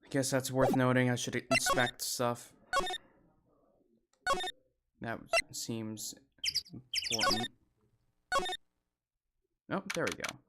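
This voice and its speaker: A woman's voice: rumbling low, steady tone, slow pace, long pauses, heavy background noise. A woman giving casual, musing commentary while playing a video game. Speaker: let's player. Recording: loud game music behind.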